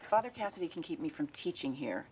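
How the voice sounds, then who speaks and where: A calm, reassuring nun teacher. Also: female voice, low-pitched, quick pace, noisy background. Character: gentle supportive woman teacher, a nun.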